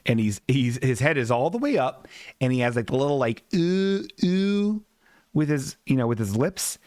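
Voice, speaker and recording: A man's voice: mid-range voice, lively intonation, normal speed, darkish tone, dry recording, studio quality. A man hosting a comedy podcast, rambling, profane and laughing often as he describes comic strips. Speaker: podcast host.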